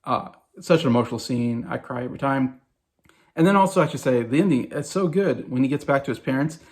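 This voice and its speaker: A man's voice: medium pitch, expressive, fast, a little mellow. A man in his forties talking casually and enthusiastically about favorite movies, rambling with many fillers and restarts. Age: 40s. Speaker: movie vlogger.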